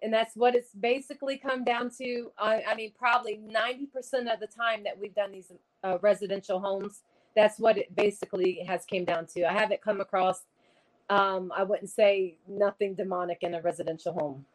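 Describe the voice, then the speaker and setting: A woman, a paranormal investigator, telling a rambling, excited story on a video call and laughing often. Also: mid-range voice, fairly quick, poor audio.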